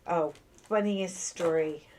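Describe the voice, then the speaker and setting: A middle-aged woman talks slowly and unhurriedly as she unboxes a craft kit on camera. She is from Ireland and rambles happily, wandering off into stories and little asides. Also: on the low side, darkish tone, a little hiss or hum. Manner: chatty, rambling storyteller with many asides. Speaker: craft vlogger. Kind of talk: casual chat while unboxing.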